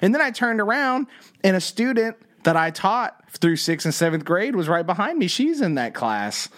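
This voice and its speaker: A man's voice: high-pitched, big pitch swings, normal speed, fairly bright tone. A man hosting a podcast, telling stories in a rambling, enthusiastic way. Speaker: podcast host. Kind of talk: casual podcast chat.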